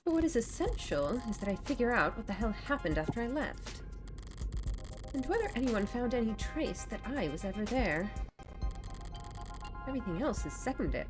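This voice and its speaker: Wry, teasing defense attorney read by a woman for a game read-along, pitch rising and falling freely. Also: big pitch swings, moderate pace, long pauses, music in the background.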